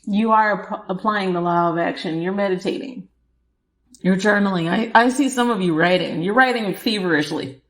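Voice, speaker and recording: Speaking to the listener directly, a podcast host with a medium-pitched, fairly bright voice does a casual tarot reading at a normal pace, laughing frequently, in an echoey room.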